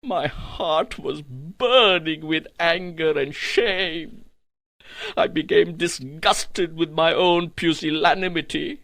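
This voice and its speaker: A man's voice: a little high, takes it slowly, a bit bright, no room sound. A man giving a solemn, dramatic first-person narration of a spiritual text for an audiobook.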